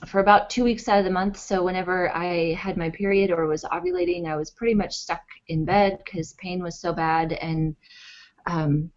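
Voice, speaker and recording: Speaking at normal speed in a lowish voice, an author and blogger shares a personal story as an interview guest. She's animated and conversational, peppering it with fillers and playing out the quoted lines. The recording sounds dull and lo-fi.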